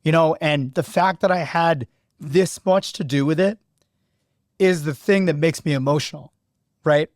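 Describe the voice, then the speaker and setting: A man hosting a podcast who coaches high school lacrosse, telling stories in an animated, earnest way. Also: a little slow, dry recording, studio quality. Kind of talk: casual podcast storytelling.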